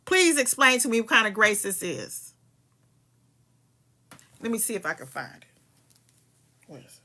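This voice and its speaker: A woman's voice: fairly high pitch, sing-song, a little slow, bright, forceful tone. A woman hosting a podcast, reading a legal filing aloud and breaking off into profane, heated commentary. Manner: profane, heated, emphatic asides between read passages.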